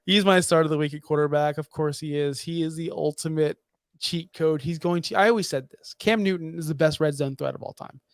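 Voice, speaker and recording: A man's voice: a little high, brisk, no room sound, clean studio sound. A man co-hosting a fantasy football podcast, talking in a fired-up, emphatic, ranting way. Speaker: podcast co-host. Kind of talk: heated fantasy football talk.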